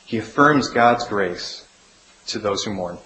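A man preaching a sermon as pastor, speaking earnestly and swinging between emphatic rises and hushed, drawn-out drops. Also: lowish voice, lively intonation. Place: church sanctuary. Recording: echoey room with faint hiss.

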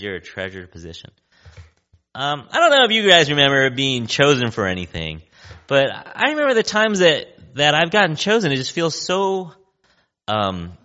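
A male pastor delivers a chatty sermon, his voice bright and swinging widely in pitch. He often pauses to ask "right?" The recording sounds a bit dull and lo-fi. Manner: conversational, keeps asking "right?".

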